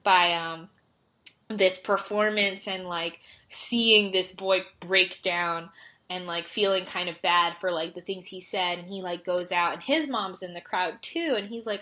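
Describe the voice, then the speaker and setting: A woman's voice: on the low side, steady tone, measured pace, pushed and bright. Woman co-host, casual recap chat, emotional and gushing, filler-heavy delivery. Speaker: podcast co-host.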